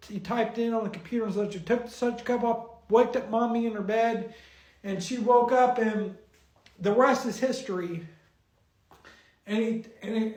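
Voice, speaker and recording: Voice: mid-range voice, a little mellow. A storyteller telling a long, twisted joke story, often giggling and stumbling over words. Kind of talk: rambling comic storytelling. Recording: roomy echo.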